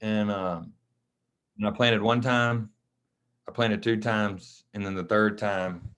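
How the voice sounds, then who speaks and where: A man tells a personal story on a podcast, speaking in a fairly low voice. He is casual and emotional, and he acts out the dialogue of the people he quotes. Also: steady tone, slow, fairly bright tone, clean tone. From Mississippi. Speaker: coach and podcast guest.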